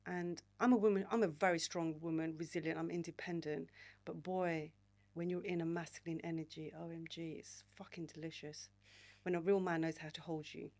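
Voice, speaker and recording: A woman in her forties, a podcast guest telling candid stories in an animated, frank way and swearing freely. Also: sits low, brisk. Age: 40s. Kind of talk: candid storytelling conversation.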